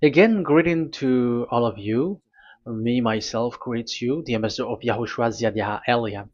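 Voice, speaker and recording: Man, preacher, sermon, halting phrases, forceful emphatic bursts, muffled low-fidelity sound. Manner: deliberate, halting delivery with sudden emphatic loud bursts.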